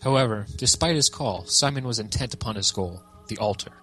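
A man narrating a storybook aloud with an amused, lively delivery. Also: fairly low pitch, brisk, soft background music. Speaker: reader. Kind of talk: reading a book aloud.

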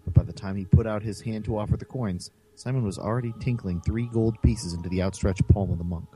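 A man narrating a storybook aloud with an animated delivery. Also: on the low side, fast talker, slight background noise, low-quality recording. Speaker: reader. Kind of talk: reading a book aloud.

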